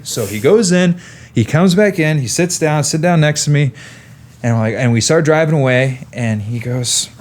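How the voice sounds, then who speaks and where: A young adult man hosting a podcast interview, telling anecdotes in an animated, casual way. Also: medium pitch, a little fast. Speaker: podcast host.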